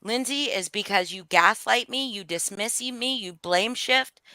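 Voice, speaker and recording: A woman's voice: mid-range voice, measured pace, bright, forceful tone, no room sound. A woman speaking out angrily on a live stream, swearing often, her voice rising and falling. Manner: angry, profane, voice rising and falling. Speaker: livestream guest speaking out. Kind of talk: emotional live-stream confrontation.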